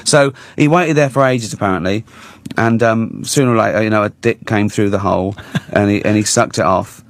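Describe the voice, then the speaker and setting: A man's voice: lowish voice, fairly quick, dry recording. A man with a British accent, a talk show guest in casual chat, telling rambling stories with stammered restarts and frequent laughter. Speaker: studio guest.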